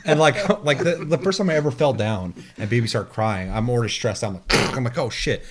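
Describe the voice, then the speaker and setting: A man co-hosting a gaming podcast, telling stories in a casual, animated, profane way and imitating game sounds. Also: medium pitch, fairly quick, crowd noise. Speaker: podcast co-host.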